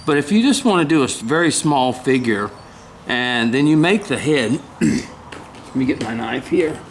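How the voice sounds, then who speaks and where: Older man, unhurried carving demo, halting speech, throat clearing, faint background hum. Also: mid-range voice, animated. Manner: halting, rambling, frequent throat clearing and apologies. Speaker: woodcarving instructor. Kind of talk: casual carving demonstration.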